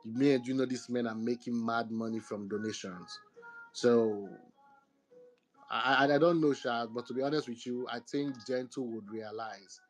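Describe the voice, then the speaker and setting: A man's voice: mid-range voice, fairly even intonation, moderate pace, soft background music. A man speaking in a casual online talk, earnest and rambling with hesitant fillers. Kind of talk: casual chat.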